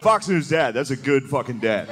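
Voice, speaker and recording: A man's voice: mid-range voice, big pitch swings, moderate pace, a crowd in the background. A man doing a stand-up comedy set, talking in a loose, crude, conversational way and often saying "dude". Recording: live club with audience noise.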